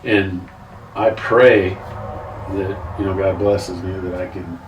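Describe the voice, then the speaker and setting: A man in his fifties with a very low voice tells his story earnestly, circling back and restarting his thoughts. He sounds set back from the mic in a roomy space with a faint hiss behind him. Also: fairly even intonation, takes it slowly, recorded from a distance. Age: 50s. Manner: earnest, rambling, restarts sentences. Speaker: guest. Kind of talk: emotional personal story.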